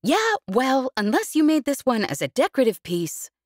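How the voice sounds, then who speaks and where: A woman's voice: high voice, big pitch swings, moderate pace, dry recording, clean studio sound, voice pushed up. A woman reading an audiobook, voicing a sardonic ex-smuggler woman pilot. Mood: exasperated. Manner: exasperated, sardonic.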